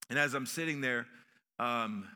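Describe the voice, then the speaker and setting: A man preaching a sermon as pastor, rising to loud emphatic peaks and dropping to quiet storytelling. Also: mid-range voice, a little slow, clean tone. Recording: long reverb of a large hall.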